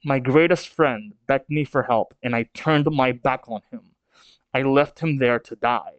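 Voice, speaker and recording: A man's voice: medium pitch, unhurried, no room sound, highs cut off, lightly acted. A man reading the lines of a proud giant king, grave and bitter. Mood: grieving.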